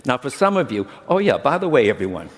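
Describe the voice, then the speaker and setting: A man's voice: medium pitch, sing-song, quick pace. A middle-aged man, a medium, gives a chatty conference talk and keeps checking in with the audience. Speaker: medium teaching a workshop. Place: large conference hall. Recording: long reverb of a big hall.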